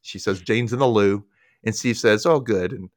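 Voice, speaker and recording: A man's voice: fairly low pitch, normal speed, no echo, studio quality. A man hosting a podcast, chatting casually and acting out quotes from scenes. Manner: animated, acts out quotes from scenes. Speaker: podcast host. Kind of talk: casual recap chat.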